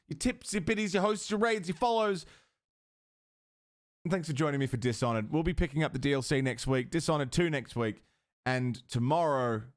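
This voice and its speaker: A man from Australia with an Australian accent, a live streamer chatting casually with his viewers in a joking, sweary way. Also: on the high side.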